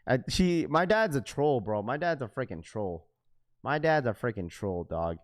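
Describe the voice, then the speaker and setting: Laid-back man, mid-pitched, slangy livestream host chatting with viewers. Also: very animated, moderate pace. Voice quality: slangy, says "bro" often. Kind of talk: casual livestream chat.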